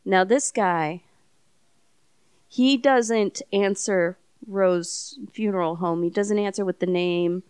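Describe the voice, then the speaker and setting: A woman's voice: mid-range voice, takes it slowly, darkish tone, clear, resonant tone, no echo. A woman hosting a podcast in casual chat, telling stories with lots of fillers and restarts. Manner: rambling storyteller with many fillers. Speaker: podcast host.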